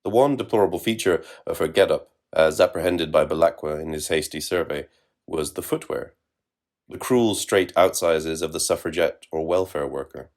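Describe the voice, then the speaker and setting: A man narrating literary fiction in a measured, wry reading. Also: extremely low pitch, darkish tone.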